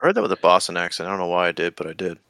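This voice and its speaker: A man's voice: sits low, very animated, racing, gravelly, pushed and bright, dry recording. A man hosting a casual hockey podcast, playful and joking with his co-hosts. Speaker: podcast host. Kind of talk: casual sports podcast chat.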